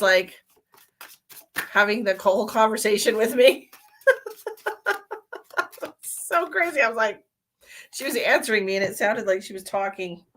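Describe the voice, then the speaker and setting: A woman's voice: medium pitch, a bit bright, a little hiss or hum. A tired woman, a psychic medium, chatting casually on a live stream and calling viewers by name while she gives readings.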